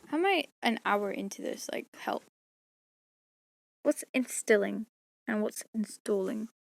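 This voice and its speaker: Between takes of an audiobook she's recording in a room at home, a weary woman rambles to herself and cracks self-deprecating jokes. Her medium-pitched, creaky voice is animated yet unhurried, with no room sound.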